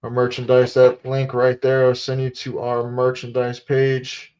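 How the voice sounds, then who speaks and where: A man's voice: mid-range voice, monotone, measured pace, a little mellow, smooth. A man casually talking through a live sports stream, repeating himself and muttering asides. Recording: dull lo-fi stream audio.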